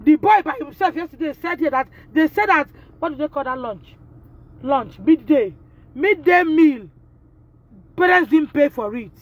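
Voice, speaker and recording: A pupil's mother with a Nigerian accent makes an impassioned live video appeal, addressing the school directly. Her high voice has lively intonation at normal speed, and she speaks emphatically and indignantly, repeating her points.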